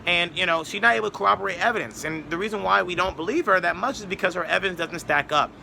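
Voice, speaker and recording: Bright, gravelly-voiced man ranting fast. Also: high voice, slight background noise. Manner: rambling, sarcastic, mocking quotes. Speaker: political commentator. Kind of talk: casual opinion monologue.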